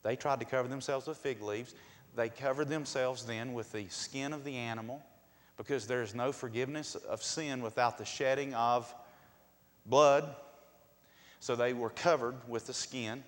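A man's voice: medium pitch, steady tone, normal speed. A male pastor delivering a sermon, asking rhetorical questions and acting out quotes in a raised voice. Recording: long hall reverb.

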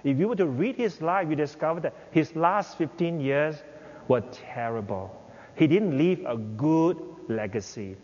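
An older pastor preaches a sermon in an expressive, unhurried, slightly mellow voice, acting out pleading prayers with an impassioned rise in pitch. The recording comes from a dull, reverberant hall with faint noise.

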